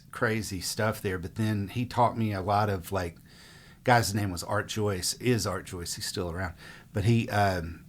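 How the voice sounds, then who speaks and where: Middle-aged man, rambling storyteller, somewhat low voice, full of fillers. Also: a little hiss or hum. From Mississippi. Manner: relaxed, rambling, frequent fillers. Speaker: musician guest. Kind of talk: casual interview storytelling.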